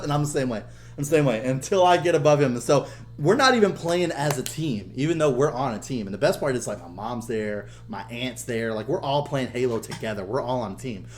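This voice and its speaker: A young man co-hosting a podcast, telling stories in loose, casual chat. His voice sits fairly high, and he swears freely. He turns loud and lively whenever he acts out what other people said. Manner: animated, swears a lot, loud when quoting people. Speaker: podcast co-host.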